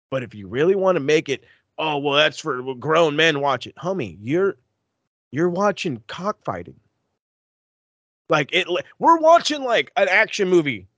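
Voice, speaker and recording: A man's voice: on the high side, fairly bright tone, slightly rough, dry recording. A young man co-hosting a podcast, ranting bluntly and profanely in casual chat. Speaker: podcast co-host.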